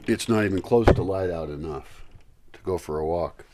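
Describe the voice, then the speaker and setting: Heavy background noise surrounds a low-voiced man speaking at a normal pace as he vlogs to his camera. It's before dawn, he's inside a house, and a candy in his mouth slightly muffles his casual, rambling, filler-heavy musings.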